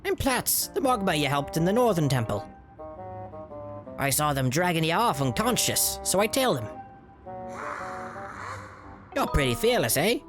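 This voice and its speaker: A man voicing a friendly, scrappy male Mogma treasure hunter from a video game, streetwise and chummy, reading the dialogue aloud with a lively lilt. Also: a little high, moderate pace, long pauses, music in the background, pitched above the performer's own voice. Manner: chummy, streetwise, calls everyone pal.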